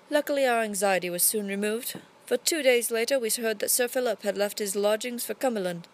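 A woman reading a storybook aloud in a put-on English accent, narrating steadily with lively emphasis. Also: fairly high pitch, fairly quick, hardly any pauses.

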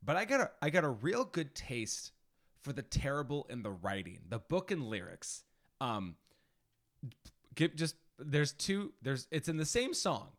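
A man's voice: on the high side, very animated, unhurried, a bit bright. A man in his thirties co-hosting a podcast, chatting casually in a playful, teasing way with fillers and restarts. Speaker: podcast co-host. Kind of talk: casual chat.

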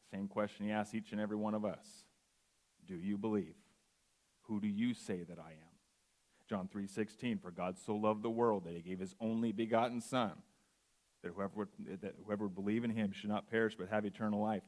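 A man's voice: on the low side, darkish tone. A man in his forties, a guest preacher, reading scripture earnestly and then sharing a personal testimony. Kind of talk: sermon.

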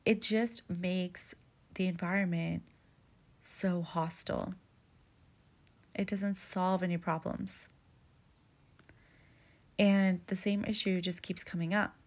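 A woman's voice: lowish voice, steady tone, slow, pauses often. Candid, casually swearing woman podcaster. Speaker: podcast host. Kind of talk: casual advice monologue.

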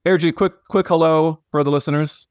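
A man's voice: on the high side, steady tone, a little fast, a little mellow, clean tone, no echo. A man hosting a podcast, joking and rambling with frequent restarts in casual chat. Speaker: podcast host.

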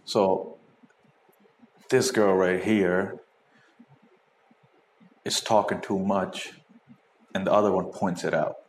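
A man hosting a casual podcast, reacting to clips with crude, profane commentary and loud whoops. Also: low voice, fairly even intonation, slow, long pauses. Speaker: podcast host. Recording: echoey room, faint noise.

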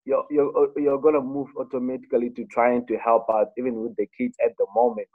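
A man's voice: medium pitch, little pitch movement, a little fast. Hesitant man on a tinny phone line. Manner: hesitant, many restarts. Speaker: guest. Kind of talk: answering on-air questions.

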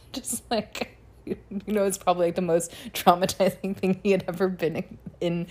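Low-pitched young woman host, blunt and profane, casual storytelling full of filler words. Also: warm tone. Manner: blunt and profane, heavy use of "like". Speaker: podcast host telling her life story.

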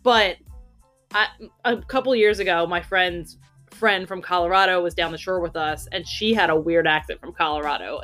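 A woman with a Philadelphia accent and a slight lisp, co-hosting a casual podcast chat, rambling quickly with restarts. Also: lowish voice, fairly even intonation, a bit bright, soft background music. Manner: rapid, rambling with restarts and laughs. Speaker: podcast co-host.

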